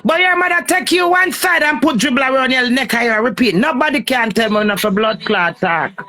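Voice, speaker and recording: A woman's voice: sits high, brisk, pushed and bright, soft background music. Fiery Jamaican woman ranting. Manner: heated, cursing, confrontational. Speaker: live streamer. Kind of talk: angry live-stream rant. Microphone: phone on a live stream.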